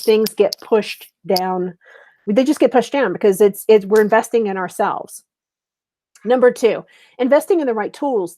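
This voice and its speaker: A middle-aged woman business coach giving an upbeat, chatty webinar sales pitch, speaking straight to her viewers. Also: darkish tone, a little hiss or hum.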